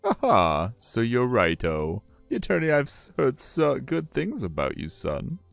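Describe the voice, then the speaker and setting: A man's voice: medium pitch, huge pitch swings, vocal fry, dry recording, soft background music, heavily acted. A man voicing a jolly, overfamiliar older male police chief in a fan dub of a courtroom game. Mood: jovial. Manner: hearty and overfamiliar, drawn-out exclamations.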